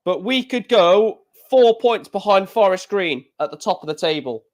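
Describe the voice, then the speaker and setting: A man's voice: high-pitched, animated, moderate pace, hardly any pauses. A man chatting casually over a live darts stream, rambling and getting emotional about football. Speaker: live stream reaction host. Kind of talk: casual live reaction commentary.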